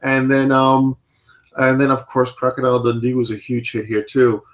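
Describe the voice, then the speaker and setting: A man in his thirties chatting casually as a podcast host, rambling and filling pauses with "like" and "you know". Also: mid-range voice, completely flat delivery. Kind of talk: casual chat.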